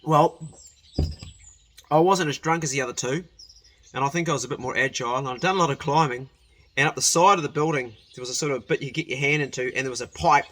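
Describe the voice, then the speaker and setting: A man's voice: mid-range voice, fast talker, a bit bright, slight background noise. A man telling a rambling personal story in a casual way, often correcting himself and laughing as he goes.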